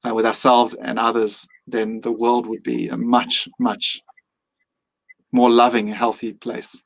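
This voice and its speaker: A man's voice: medium pitch, level tone, unhurried, creaky, low-quality recording. A man speaking as a podcast guest, reflective and earnest, sometimes acting out his own inner voice. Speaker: mindfulness teacher and guest.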